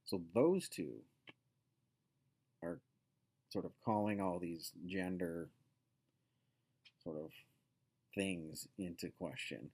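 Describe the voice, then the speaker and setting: A man with a notably low voice, talking slowly and loosely as he hosts a casual show. He wanders through his points with plenty of fillers and asides, and keeps circling back to them. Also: lively intonation, a little mellow, husky. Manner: rambling, many fillers and asides. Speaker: podcast host.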